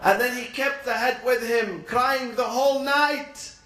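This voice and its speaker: High-voiced man preaching a story, echoey. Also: fairly even intonation, bright, forceful tone. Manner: dramatic, slows and drops low for emphasis. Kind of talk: emotional sermon storytelling.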